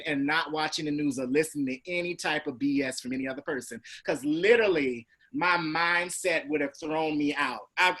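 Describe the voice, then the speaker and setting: A man from Georgia in the US, a teacher telling a class a personal story. He acts out other people's lines with big pitch swings. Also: pushed and bright. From Georgia, USA. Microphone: video call.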